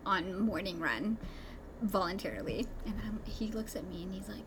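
A woman's voice: expressive, moderate pace, noisy background. A woman and mother chatting casually, telling a sarcastic story with mocking quoted lines. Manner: sarcastic, swings between low murmurs and loud mock quotes. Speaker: podcast co-host, mother. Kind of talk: casual chat.

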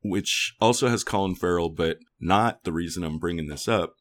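Low-voiced man rambling thoughtfully on a podcast. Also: normal speed. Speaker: podcast co-host. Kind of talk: casual chat. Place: California.

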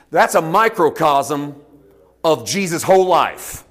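A man preaching a conversational sermon, animated, swinging between loud excited bursts and quiet low asides. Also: a little slow.

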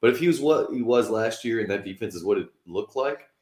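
A man's voice: lowish voice, animated, a little fast. A man co-hosting a fantasy football podcast in casual chat, blunt and dismissive. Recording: roomy echo.

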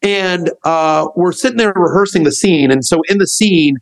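A middle-aged man, a podcast guest, telling a long anecdote in an animated, rambling way, acting out what others said. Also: high voice, moderate pace, low-quality recording. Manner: animated, acts out quotes of others; rambling with restarts and fillers. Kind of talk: storytelling in a podcast conversation.

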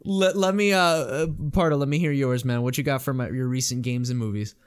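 A man's voice: mid-range voice, fairly quick, smooth. A man hosting a podcast, rambling casually and swearing loosely as he chats. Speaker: podcast host. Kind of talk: casual chat.

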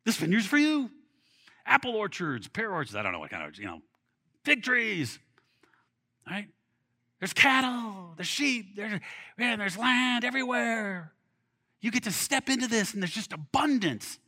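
A man preaching a sermon in an animated, conversational way, with bursts of excitement. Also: high voice, unhurried, long pauses. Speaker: pastor.

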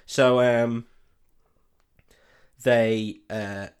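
A young man co-hosting a podcast, retelling a film scene in a sweary, animated way. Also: medium pitch, drawn-out words, clean tone. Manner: sweary, animated storytelling with laughs. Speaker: podcast co-host. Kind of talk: casual film recap chat.

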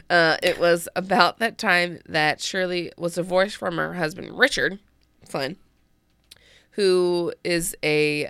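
Woman co-host with a lowish, fry-heavy voice, rambling and self-interrupting as she reads. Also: fairly bright tone, no echo, studio quality. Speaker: podcast host. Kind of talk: casual chat, reading an article aloud.

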